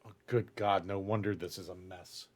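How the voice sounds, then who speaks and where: A man's voice: sits low, steady tone, normal speed, pitched below the performer's own voice. A man voicing a stern, exasperated male prison officer who scolds and gives curt orders in a tabletop game.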